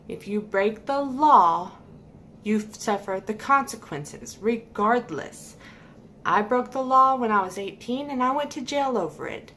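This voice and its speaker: A woman's voice: mid-range voice, a bit bright, slight background noise. A woman giving a heated, emphatic opinion rant to camera, repeating points for stress. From United States. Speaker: vlogger.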